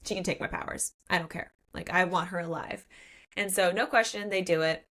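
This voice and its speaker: A woman's voice: fairly low pitch, a little fast. Woman on a book podcast, casual chat, retelling the story and voicing the characters, lots of "like". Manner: animated retelling, acts out characters' lines; frequent "like" fillers. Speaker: podcast co-host.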